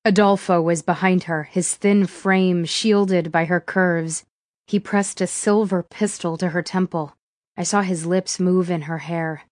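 Low-voiced woman narrating a thriller audiobook. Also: fairly even intonation, a little slow, darkish tone, no room sound, clean studio sound. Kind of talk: first-person audiobook narration.

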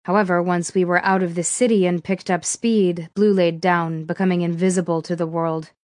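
A woman reading a first-person thriller audiobook in a steady, measured way. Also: fairly low pitch, no room sound, studio quality. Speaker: audiobook narrator.

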